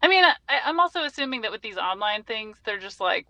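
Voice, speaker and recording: A woman's voice: mid-range voice, sing-song, quick pace, pushed and bright, low-quality recording. A young woman co-hosting a casual chat, chatty and self-deprecating, laughing often. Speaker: podcast co-host.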